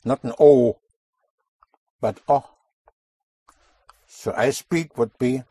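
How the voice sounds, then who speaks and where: A man teaching a spoken language lesson to a student, explaining slowly and deliberately and repeating key sounds. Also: mid-range voice, darkish tone, slightly rough, no echo, clean studio sound.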